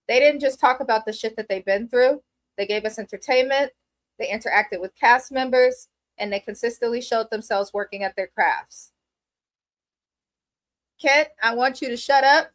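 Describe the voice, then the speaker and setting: A woman's voice: a little high, a bit bright. A woman giving blunt, opinionated, profane commentary while reviewing a reality TV episode. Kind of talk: casual commentary.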